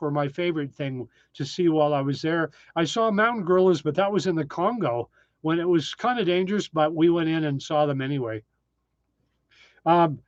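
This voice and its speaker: A man hosting a relaxed live stream, talking through viewer comments with frequent ums and uhs. His voice sits slightly high, and the sound is dry and a little dull, like home stream audio. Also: no echo. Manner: chatty, reads viewer names, frequent ums. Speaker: live-stream host reading chat. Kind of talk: casual live-stream chat. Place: tiny desert cabin, indoors.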